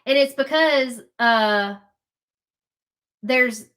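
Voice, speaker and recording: A woman's voice: a little high, extremely slow, fairly bright tone. A woman hosting a livestream, talking to her viewers in casual political commentary, emphatic and often repeating herself. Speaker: livestream host.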